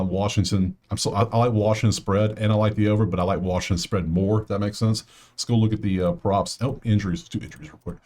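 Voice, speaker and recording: A man hosting a sports betting channel, casually breaking down games and picks while thinking out loud in slangy talk straight to his viewers. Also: fairly low pitch.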